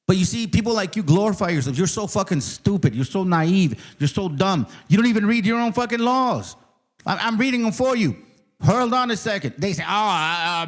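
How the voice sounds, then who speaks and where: Male host, casual rant, mocking and profane, lively, slightly high pitch. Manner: reads aloud slowly, then speeds up. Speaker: channel host. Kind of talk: casual ranting commentary.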